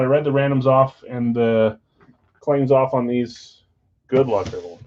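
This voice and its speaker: A man with a mid-pitched voice hosts a live sports card stream. He chats casually and reads out viewer comments. The audio is a little muffled and lo-fi. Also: moderate pace, a little hiss or hum. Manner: chatty, counts down excitedly, reads viewer chat. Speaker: live card break host. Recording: slightly dull lo-fi stream audio.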